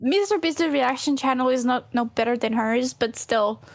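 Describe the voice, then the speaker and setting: A woman co-hosts a casual reaction chat, teasing and mocking. Her voice sits high with a gravelly fry, recorded dry and close. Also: normal speed, dry recording. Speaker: co-host.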